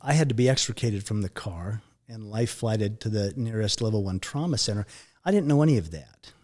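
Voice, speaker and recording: During an interview, an expressive middle-aged man shares the emotional account of his brush with death. His speech halts and repeats, and it turns low and quiet when the memories are hardest.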